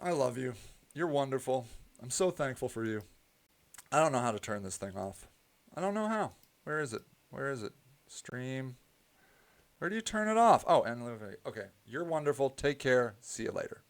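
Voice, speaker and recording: A man hosting his own live stream, delivering a heated, repetitive monologue that drifts into soft rambling. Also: mid-range voice, very animated, moderate pace, long pauses. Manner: preachy, repetitive, ranting then softly rambling. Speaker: host of a live stream show.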